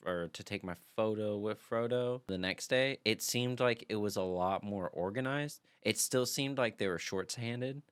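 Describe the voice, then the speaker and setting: A man's voice: lowish voice, normal speed, hardly any pauses, fairly bright tone, smooth, no room sound. A man co-hosting a podcast, reacting supportively and adding his own remarks in casual chat. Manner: supportive listener, short reactions. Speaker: podcast co-host.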